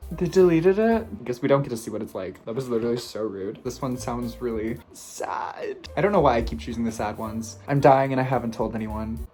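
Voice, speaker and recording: Man, mid-pitched voice, reading posts and reacting, playful then hushed, faint music behind. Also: brisk, few pauses. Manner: expressive, swings between playful and hushed. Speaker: video host.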